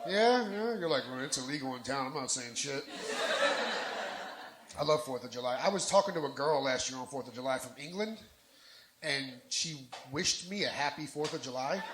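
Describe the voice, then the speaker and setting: A man from New Jersey doing a live stand-up set on a bar lounge stage, brash and profane, working the crowd into his punchlines. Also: on the high side. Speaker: stand-up comedian. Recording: roomy bar with crowd noise.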